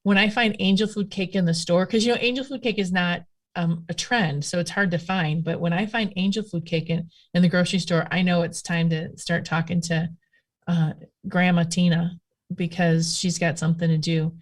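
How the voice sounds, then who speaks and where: Chatty woman with a low voice. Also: moderate pace. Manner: chatty, rambling, animated storytelling with many fillers. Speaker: guest, witchcraft practitioner. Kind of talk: casual storytelling conversation.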